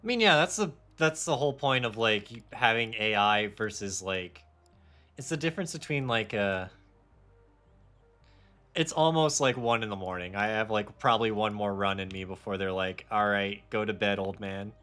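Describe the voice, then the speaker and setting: A young man with a bright, forceful voice goes off on a rambling, heated tangent during a live gaming stream, swearing and poking fun at himself. Faint game music plays underneath his talk. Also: on the low side, expressive, normal speed, smooth. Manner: heated, rambling rant with swearing and self-mocking laughs.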